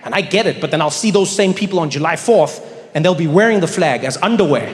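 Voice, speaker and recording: A man doing animated, conversational stand-up comedy. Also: on the high side, fast, very noisy. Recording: echoey hall with audience.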